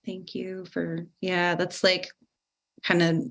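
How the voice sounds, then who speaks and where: A woman hosts a podcast panel in a relaxed, conversational manner, thinking out loud as she goes. Her voice sits a little low for a woman. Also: slow, gravelly. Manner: casual, reflective talk with many fillers. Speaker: podcast moderator.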